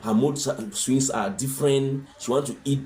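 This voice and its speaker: A man's voice: mid-range voice, normal speed, dark tone, slight background noise. A man talking as a guest in a conversational interview, earnest and fond of rhetorical questions. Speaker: husband sharing his experience as a guest.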